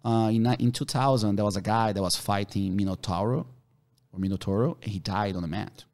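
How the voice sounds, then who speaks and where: A man, a podcast guest, telling animated stories with free swearing. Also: on the low side, fairly quick. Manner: animated, swears freely, relives the moment. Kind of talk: casual storytelling.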